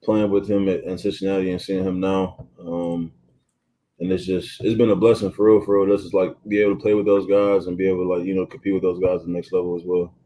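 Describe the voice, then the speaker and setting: A young man in his twenties, a college football player, giving relaxed interview answers full of ums and you-knows. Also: low voice, fast talker. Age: 20s. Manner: laid-back, many ums and you-knows. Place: athletes' training facility.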